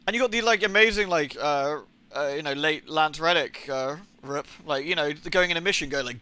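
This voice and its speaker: A man's voice: on the high side, normal speed, pushed and bright, clear, resonant tone. A young adult man chatting casually on a live gaming stream, rambling and swearing, with rants of disbelief. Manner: rambling and profane, incredulous rants.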